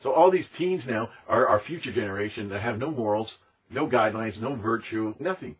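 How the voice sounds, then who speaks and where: A man's voice: on the low side, expressive, brisk, breathy edge. A man delivering an impassioned, emphatic monologue, repeating himself and now and then mimicking other people's voices. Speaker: speaker on conspiracy topics.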